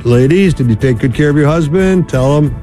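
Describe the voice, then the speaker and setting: A man's voice: fairly high pitch, brisk, dark tone, faint music behind. A middle-aged man hosting a call-in radio show, chatting in a folksy way and laughing easily. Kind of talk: casual call-in radio talk.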